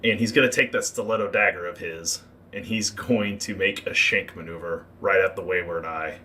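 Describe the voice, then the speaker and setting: Bright-voiced man running a tabletop game. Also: deep voice, moderate pace, a little hiss or hum. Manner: relaxed, rule-explaining, hesitant fillers. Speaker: game master.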